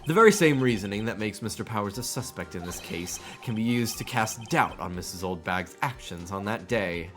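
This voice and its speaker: A man's voice: on the low side, expressive, a little fast, hardly any pauses, soft background music, close to an everyday voice. A man voicing an earnest young male defense attorney from a video game, pleading and reasoning through a case.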